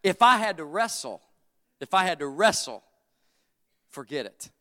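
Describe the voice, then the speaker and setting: A man's voice: on the high side, sing-song, normal speed, pushed and bright, long reverb tail. A middle-aged man preaching a sermon, joking and telling stories to his congregation in a folksy way. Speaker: pastor.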